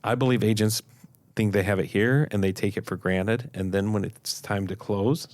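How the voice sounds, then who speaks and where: A man co-hosting a casual podcast about selling insurance, agreeable and often pausing with halting restarts. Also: lowish voice, steady tone, no room sound. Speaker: podcast co-host and insurance sales trainer.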